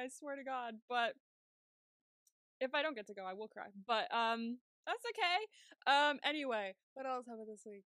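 A woman's voice: a little high, lively intonation, moderate pace, a bit bright, no echo, clean studio sound. A young woman co-hosting a podcast in casual chat, laughing often and acting out her own reactions. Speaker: podcast co-host.

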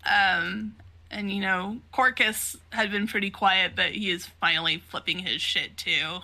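A woman's voice: mid-range voice, fairly even intonation, measured pace, gravelly, bright, forceful tone. A woman co-hosting a podcast, chatting casually as she recaps a manga, swearing freely and full of fillers like "like" and "um". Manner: swears freely, retells scenes while acting out the characters' lines; filler-heavy, laughs often. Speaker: podcast co-host.

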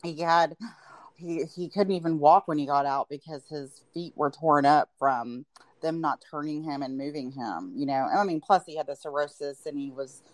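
A woman with a low voice hosts a relaxed podcast chat. She keeps the talk moving with questions and supportive remarks, often murmuring "mm-hmm" as she listens. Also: moderate pace, no room sound. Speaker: podcast host. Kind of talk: casual chat.

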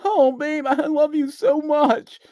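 A man's voice: extremely high pitch, level tone, takes it slowly, warm tone, no echo, highs cut off, voice pushed up. A man putting on the voice of a whiny, doting lovesick boyfriend in a mocking, gushing way. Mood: gushing mockery.

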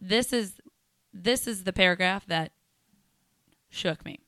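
A woman co-hosting a casual podcast, talking frankly and reading a long letter aloud at a quick steady clip. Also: mid-range voice, no room sound, studio quality. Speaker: podcast co-host.

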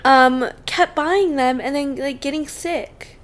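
A young woman guest co-hosting a podcast, a teacher chatting animatedly with quick reactions. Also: high-pitched, crowd noise. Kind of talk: casual chat.

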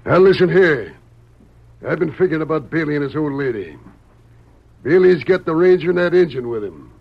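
Gravelly outlaw boss, bossy and scheming, pitch jumps around, muffled old radio tape. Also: male voice, lively intonation, brisk. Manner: menacing, bossy. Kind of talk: 1940s radio drama acting. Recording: dull old radio recording with faint hiss.

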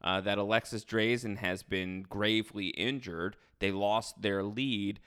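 Chatty man recapping, bright and smooth. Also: on the low side, steady tone, unhurried. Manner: chatty, recaps with acted quotes and fillers. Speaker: podcast host. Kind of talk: casual recap chat.

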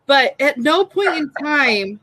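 Woman, middle-aged, podcast guest, animated, exasperated, crisp bright tone. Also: high-pitched, slight background noise, low-quality recording. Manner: animated, quick-tempered, mock-exasperated. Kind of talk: casual podcast chat. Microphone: video call.

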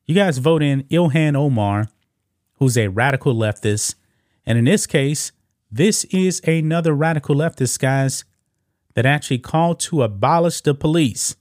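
A man's voice: fairly high pitch, lively intonation, normal speed, darkish tone, dry recording, clean studio sound. A man hosting casual political commentary, talking straight to viewers as guys and scoffing as he reads news quotes. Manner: talks straight to viewers, calls them guys.

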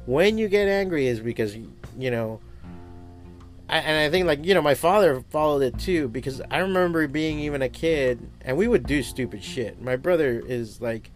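A man who owns a comic book shop, talking in a casual podcast monologue, swearing often and rambling through animated stories. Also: fairly high pitch, moderate pace, soft background music. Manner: profane, rambling, animated storytelling.

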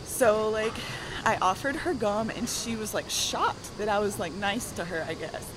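A soft-spoken woman with a Southern accent telling a story while walking on a gym treadmill. She is out of breath and laughs between sentences. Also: mid-range voice, moderate pace. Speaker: guest. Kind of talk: casual storytelling. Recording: loud gym noise behind.

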